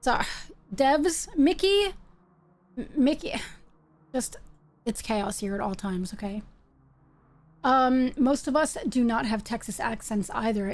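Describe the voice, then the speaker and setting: A woman's voice: a little high, measured pace, pauses often, darkish tone. A woman hosting a live stream, chatting playfully with her viewers while she plays a game. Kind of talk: casual live-stream chat while gaming.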